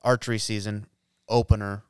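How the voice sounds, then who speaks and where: Guy in his 30s spinning a hunting yarn, lowish smooth voice, dry close mic. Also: normal speed, dry recording. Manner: animated storyteller, laughs often, swears casually. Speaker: podcast co-host. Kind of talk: casual chat.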